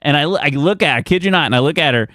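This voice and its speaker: A man chatting live with his viewers, his voice sitting a bit high for a man. He rambles through family stories and chuckles as he goes. The sound is dry and close, with no room echo. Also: expressive, very fast, a bit bright. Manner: rambling storyteller, chuckles often. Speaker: streamer. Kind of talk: casual chat with live chat.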